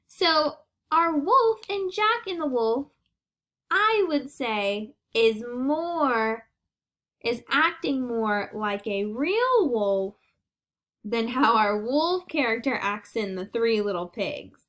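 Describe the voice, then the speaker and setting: A woman teacher giving a reading lesson to young children, reading sentences aloud slowly and clearly for them to repeat. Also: on the high side, animated, a bit bright. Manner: slow, deliberate read-aloud with exaggerated sounds.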